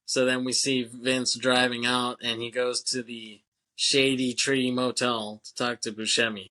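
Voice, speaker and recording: A man's voice: medium pitch, flat delivery, unhurried, pushed and bright. A man co-hosting a casual podcast chat, laughing often, swearing casually and acting out lines as he recaps a film. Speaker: podcast co-host.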